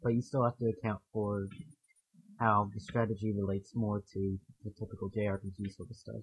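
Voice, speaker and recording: A man's voice: lowish voice, level tone, fairly quick, slightly rough, low-quality recording. A man hosting a casual gaming podcast, talking in a thoughtful, hedging way. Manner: thoughtful, hedging, reads quotes aloud. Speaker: podcast host. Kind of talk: casual podcast chat about video games.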